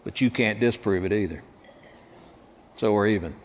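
A man preaching a sermon, telling a story with dramatic pauses and dropping to a hush at emotional moments. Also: lowish voice, in a large hall, slight background noise. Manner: dramatic, hushed at emotional moments, acts out dialogue.

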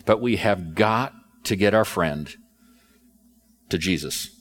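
A man's voice: low-pitched, takes it slowly, fairly bright tone, voice pushed down, heavily acted. A man doing pushy, determined friends. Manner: insistent, matter-of-fact.

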